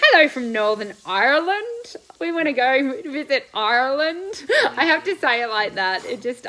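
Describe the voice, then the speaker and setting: Riding coach and eating breakfast, a woman runs a relaxed live question-and-answer stream for her viewers. Her medium-pitched voice sounds pushed and bright, and the rough recording carries a faint hiss or hum. She's chatty and bubbly, with quick laughs and loose, wandering answers.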